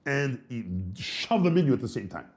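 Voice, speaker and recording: A man's voice: mid-range voice, big pitch swings, normal speed. A man, co-hosting a podcast, telling rambling, profane stories and playing out both sides of old conversations. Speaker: podcast co-host. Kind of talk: casual storytelling chat.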